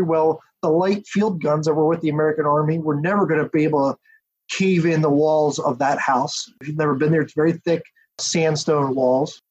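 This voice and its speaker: A man, an author and historian, giving a detailed, steady account as a podcast interview guest. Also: fairly high pitch, slightly rough. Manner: detailed, steady storytelling with asides. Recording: dull lo-fi audio.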